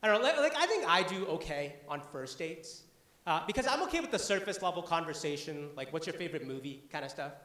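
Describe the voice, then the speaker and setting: Young man, stand-up comic, from the Boston area, lively swinging pitch, fairly high voice, roomy club sound. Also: fairly quick. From Boston area, USA. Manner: conversational, with frequent "uh" fillers. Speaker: stand-up comedian. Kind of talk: stand-up comedy set. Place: comedy club stage before an audience.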